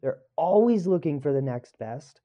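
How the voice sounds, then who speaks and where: A man's voice: a little high, lively intonation, normal speed, lo-fi sound. A man co-hosting a casual sports podcast, thinking aloud and hesitant as he weighs his answers. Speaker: co-host.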